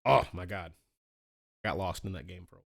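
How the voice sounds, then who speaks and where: A man co-hosting a casual podcast, telling gaming stories with lots of swearing and excited squeaky voices for his asides. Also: quick pace, gravelly, breathy edge. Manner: animated storytelling, swears freely, jumps up in pitch for quoted asides. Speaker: podcast co-host.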